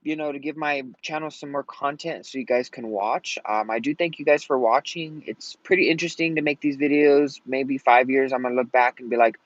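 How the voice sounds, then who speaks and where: A man's voice: medium pitch, a little fast, few pauses, no echo. A man venting in a casual vlog rant, rambling and swearing often out of frustration. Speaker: vlogger. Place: at home in Colorado. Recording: dull lo-fi sound.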